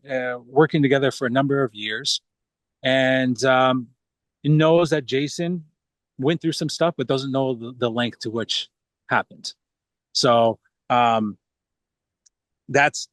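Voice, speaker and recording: A man talks in a relaxed, rambling way as an interview guest, often restarting his sentences. The sound is dry and close, with no room echo. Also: medium pitch, measured pace. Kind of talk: casual interview chat.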